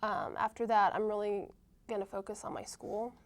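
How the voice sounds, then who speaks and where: A young woman, a college softball player, answering interview questions casually, often pausing with ums and starting sentences over. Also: medium pitch, steady tone. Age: young adult. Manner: hesitant, many ums and restarts.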